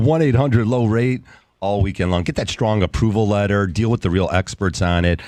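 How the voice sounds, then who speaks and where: A male radio host with an energetic, folksy manner, plugging sponsors and bringing in guests. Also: on the low side, normal speed, no echo. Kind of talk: radio business talk show.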